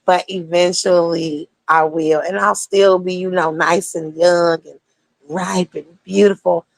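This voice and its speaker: A woman's voice: lowish voice, fairly even intonation, a little slow, no room sound. A young woman talking casually on a livestream, blunt and profane, rambling between topics as a streamer.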